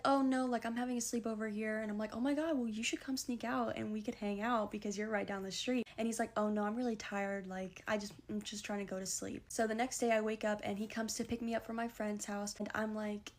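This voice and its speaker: A young woman telling a storytime vlog, rushing through her retelling and filling it with "like". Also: medium pitch, a little mellow. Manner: fast, breathless retelling full of "like".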